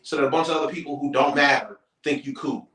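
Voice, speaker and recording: A man who is a comedian hosting a casual podcast, telling stories in a lively way and acting out other people's voices, with plenty of profanity. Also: fairly high pitch, quick pace. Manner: animated storyteller who acts out quoted voices, profane. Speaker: comedian and show host. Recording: roomy, distant mic.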